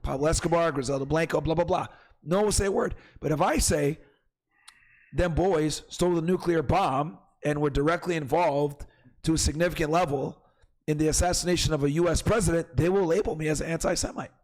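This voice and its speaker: A man co-hosting a heated livestream debate, making points in an animated, emphatic, rhetorical way. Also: a little high, brisk.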